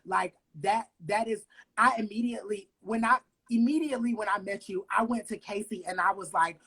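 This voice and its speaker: A man appearing as a guest on a casual livestream, with a husky, breathy voice. He speaks in an effusive, heartfelt way and stumbles and restarts as he gushes. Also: high voice, steady tone, brisk, sharp tone, rough recording.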